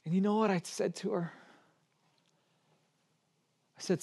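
A man in his forties preaching a sermon, moving between gentle near-whispers and urgent appeals. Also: high-pitched, steady tone, unhurried, gravelly. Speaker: pastor.

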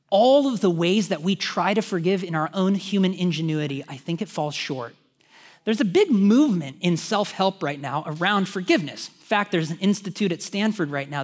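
High-voiced, animated preacher. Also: male voice. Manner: animated, conversational preaching with asides to the congregation. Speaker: pastor. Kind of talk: sermon.

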